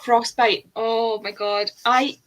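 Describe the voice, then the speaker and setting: A woman's voice: fairly high pitch, takes it slowly, low-quality recording. A woman in casual chat on a video call, telling stories with acted-out reactions. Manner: animated storyteller, acts out reactions. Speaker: booktuber on a group call.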